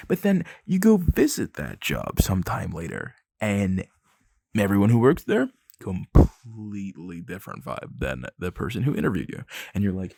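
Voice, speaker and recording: A man's voice: sits low, huge pitch swings, moderate pace, vocal fry, darkish tone, no echo. A young man in an ASMR boyfriend role-play, rambling nervously, laughing and swearing as he talks into a close mic.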